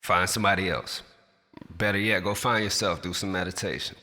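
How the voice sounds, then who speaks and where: A man's voice: deep voice, fairly even intonation, fairly quick, sharp tone, long reverb tail. A man who raps, speaking straight to camera in a passionate, blunt and profane rant in his natural everyday voice. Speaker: rapper.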